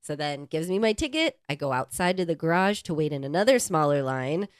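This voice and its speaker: A young adult woman co-hosting a podcast, telling a travel story in animated, casual chat and swearing freely. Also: low voice, fairly quick, clean tone, no room sound, clean studio sound. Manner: animated storyteller who swears and acts out quotes. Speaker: podcast co-host.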